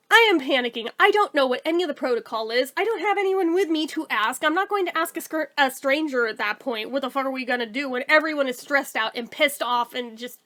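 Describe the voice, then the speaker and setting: High, bright-voiced woman telling a story. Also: animated, a little fast, few pauses. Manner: candid, swears freely, chatty. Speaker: YouTuber telling a personal story. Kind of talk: casual storytime narration.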